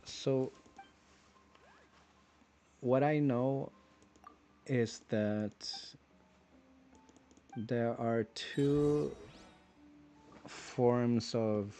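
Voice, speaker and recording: A man streaming a video game, musing philosophically in halting, rambling phrases between pauses. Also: medium pitch, mellow. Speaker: gaming streamer. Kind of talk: reflective gameplay commentary.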